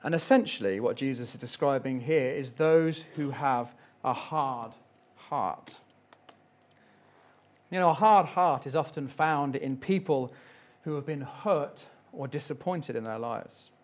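A man giving a sermon in a gentle, reflective way, with light asides. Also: medium pitch, unhurried. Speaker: preacher.

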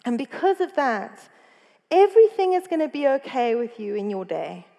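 A woman's voice: high-pitched, very animated, moderate pace, warm tone, long reverb tail. A woman pastor giving a chatty sermon in a church, telling a Bible story with frequent self-corrections. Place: church hall.

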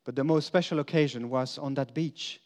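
A man in a mid-range voice, keeping a steady tone and moderate pace, recounts events as an apostle in a first-person dramatic monologue. The delivery is earnest, moving back and forth between forceful lines and quiet confession.

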